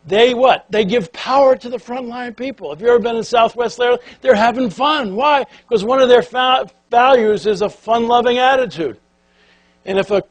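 An older man giving a folksy, animated storytelling speech to an audience, acting out voices as he goes. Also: sits high. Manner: animated, folksy, acts out quotes and quacking sounds. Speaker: keynote speaker.

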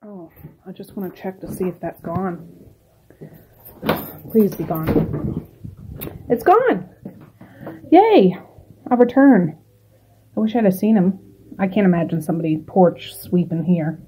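A woman's voice: fairly low pitch, fairly even intonation, normal speed, long pauses, warm tone, slight background noise, low-quality recording. A middle-aged woman chatting casually through her day in a vlog, rambling to the camera and talking to her pets and birds. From Nova Scotia, Canada. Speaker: vlogger.

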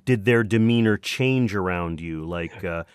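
A man's voice: low voice, a little slow, clean tone. A man hosting a podcast, asking questions in a casual chat and cracking playful jokes. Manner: playful, jokey interjections. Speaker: podcast host.

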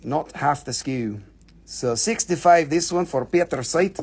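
Higher-voiced male host of a live mineral sale, loose and profane, goofing with fake accents. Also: measured pace, a little mellow, slight background noise. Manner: joking, profane banter with playful put-on accents. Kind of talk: casual live sales stream.

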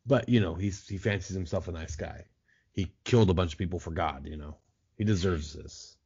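Deep-voiced man riffing sarcastically. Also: brisk, darkish tone, breathy edge, highs cut off. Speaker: podcast guest. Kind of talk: casual podcast chat.

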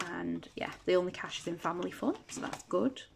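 A woman chatting casually at home as a budgeting vlogger, counting banknotes aloud in a steady patter. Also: on the low side, fairly quick, vocal fry, background noise. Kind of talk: casual chat while counting cash.

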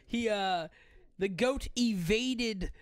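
A man's voice: high voice, slow pace, dry recording. A young man co-hosting a comedy podcast, laughing often and slipping into mock gangster voices. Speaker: podcast co-host. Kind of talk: casual comedic chat.

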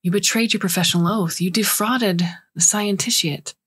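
A woman's voice: medium pitch, moderate pace, fairly bright tone, husky, voice pushed up. A woman voicing a wary, indignant young male alien researcher.

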